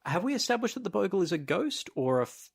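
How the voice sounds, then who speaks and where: A man's voice: sits high, sing-song, fast, creaky, husky. Male co-host, casual banter, self-deprecating humor, frequent laughter. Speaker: podcast co-host. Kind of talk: casual chat.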